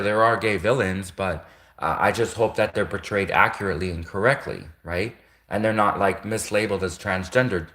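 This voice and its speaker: A man with a lowish voice rants on a casual livestream. He rambles and circles back on his own points, correcting himself midway and chuckling. The sound carries the echo of a bare room. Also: a bit bright. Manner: rambling, repetitive, with frequent self-corrections and chuckles. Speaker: livestream host.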